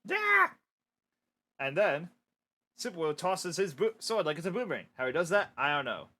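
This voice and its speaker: A man's voice: on the high side, animated, brisk, fairly bright tone. A man reading his own storybook aloud on a stream, with chatty, joking asides to viewers.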